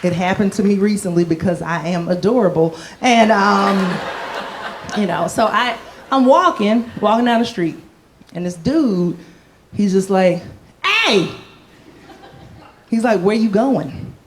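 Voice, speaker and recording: A woman's voice: medium pitch, measured pace, some chatter behind, a little hiss or hum. A woman performing a stand-up comedy set. She is playful and self-mocking, and she acts out the voices of the people in her stories.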